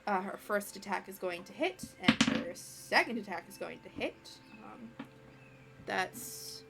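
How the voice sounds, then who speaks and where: A woman running a tabletop game as game master, narrating the action in an animated way with frequent fillers. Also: mid-range voice, slight background noise.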